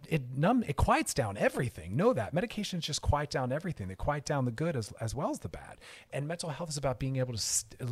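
A man's voice: fairly high pitch, slightly rough, no room sound. A man hosting a podcast, answering listener messages in an earnest, emphatic, explanatory way and repeating his key points. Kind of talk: casual explanatory talk.

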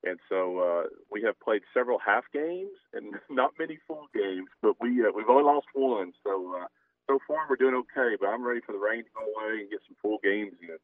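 A man's voice: on the low side, fairly quick. A man, a football coach, answering a radio host's questions over the phone in a plain, easygoing way. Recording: tinny phone line.

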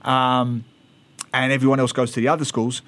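A man's voice: mid-range voice, little pitch movement, moderate pace, a bit bright. A man from East London with an Essex estuary English accent, chatting as a guest columnist on a radio show with wry, opinionated asides. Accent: Essex (Thames estuary) English. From England, East London. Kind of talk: radio talk chat.

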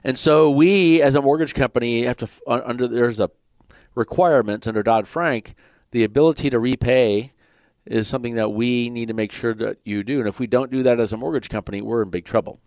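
A man with a Michigan accent hosting a radio mortgage show, explaining loan numbers in quick bursts with jokey asides. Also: medium pitch, a little mellow, no echo. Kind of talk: casual radio talk. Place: radio studio. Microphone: studio microphone.

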